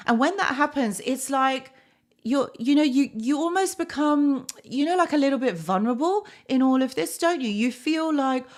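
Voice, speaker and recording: A woman's voice: sits high, normal speed. A woman hosting a live stream, talking casually to her chat, with many fillers and tag questions.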